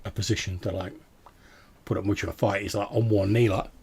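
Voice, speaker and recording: A man's voice: fairly low pitch, steady tone, brisk, gravelly, a little mellow, husky. A man narrating a tabletop game as game master, talking casually with many fillers. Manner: casual, many fillers, puts on brief character voices.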